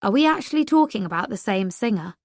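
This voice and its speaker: A sharp-tongued young woman teases her rival in this audiobook, voiced by the narrator. Her deadpan jabs sit a little higher and brighter than the telling around them. The recording is dry and close. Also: no echo, lightly acted. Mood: teasing. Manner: teasing, deadpan, quick comebacks. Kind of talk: audiobook character voice.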